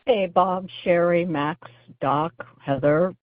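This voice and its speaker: A woman's voice: lowish voice, slow, dry recording. A woman calls in to a radio show and leaves a chatty, laughing voicemail. Her voice comes through a thin, tinny phone line with no room sound. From Oregon, US. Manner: chatty storyteller, laughing as she goes. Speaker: caller.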